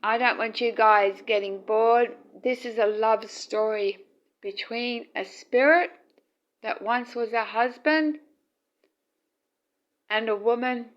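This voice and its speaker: A woman with a high voice talks slowly and gently as she films indoors at night. Her words come soft and tender, and the phone recording sounds dull and lo-fi. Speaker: vlogger. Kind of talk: casual home video narration.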